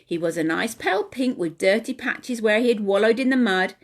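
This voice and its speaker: Reading a picture book aloud, a woman running a home playgroup quizzes the toddlers in sing-song fashion. Her slightly high voice is brisk, with lively intonation.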